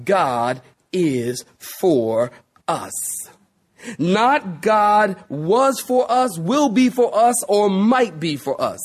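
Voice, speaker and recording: A man preaching a sermon as pastor, addressing listeners as saints, drawing out key words with dramatic pauses and speeding up through long lists. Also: high voice. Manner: acts out quoted exclamations with rising energy.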